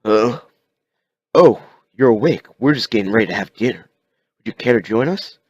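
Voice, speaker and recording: A man's voice: lowish voice, expressive, normal speed, breathy edge, no room sound, highs cut off, pitched above the performer's own voice. A man voicing a folksy, wary survivor father who talks in a casual drawl. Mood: friendly.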